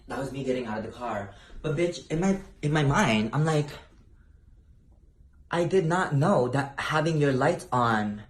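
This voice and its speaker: A man's voice: medium pitch, lively intonation, measured pace. Sassy, profane young man in an echoey room. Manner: brash, profane, sassy storytelling. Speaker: vlogger. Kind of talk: storytime vlog. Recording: roomy echo.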